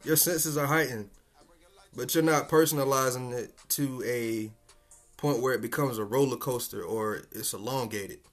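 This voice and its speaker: A man talks through his podcast in a relaxed, street-slang style, cursing freely and laughing between points. His voice sits at an ordinary middle pitch, with faint music playing quietly behind him. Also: moderate pace. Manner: laid-back, slangy and profane, chuckling often. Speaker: podcast host. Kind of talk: casual solo podcast monologue.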